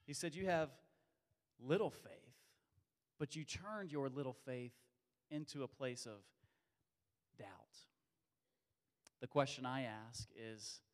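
Male pastor, lively sermon delivery, long hall reverb. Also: mid-range voice, slow pace, pauses often. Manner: animated, swings from loud to hushed.

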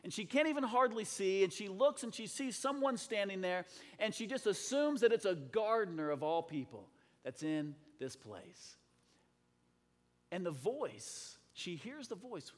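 A man preaching a sermon with a high voice, swinging from loud, impassioned calls to hushed, dramatic asides. The sound carries the long reverb of a big hall. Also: big pitch swings, measured pace. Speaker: pastor.

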